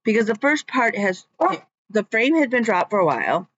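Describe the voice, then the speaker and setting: A woman's voice: fairly high pitch, sing-song, moderate pace, a bit bright, dry recording, highs cut off. A woman vlogging about her stitching at home in a rambling, chatty way, with many ums. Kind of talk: casual chat.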